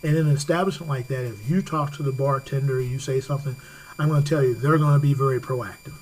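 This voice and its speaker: A man's voice: mid-range voice, steady tone, quick pace, darkish tone, a little hiss or hum, rough recording. A man giving safety advice on a talk radio show, talking conversationally, laughing easily and restarting his sentences. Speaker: safety expert guest.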